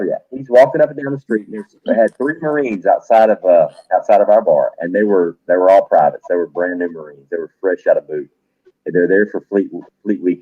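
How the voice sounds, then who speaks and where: A retired soldier who now owns a bar, this middle-aged man has a very deep, husky voice and tells friends a salty, animated anecdote, loose and full of swearing. The audio is tinny and dry with no echo, like a phone line in a small space.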